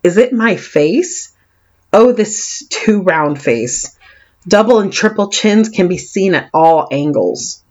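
A woman's voice: expressive, slow, darkish tone, lo-fi sound. A woman with a Californian accent and a slight lisp, an author giving a dramatic, self-mocking reading of her own memoir. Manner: dramatic, self-mocking, wide swings in pitch and volume. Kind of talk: expressive reading of memoir prose.

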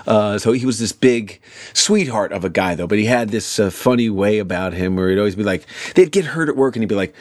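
New York comedian guest, low, lively storyteller, dry studio sound. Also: male voice, brisk, no echo. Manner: animated, breaks into character voices. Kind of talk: interview storytelling.

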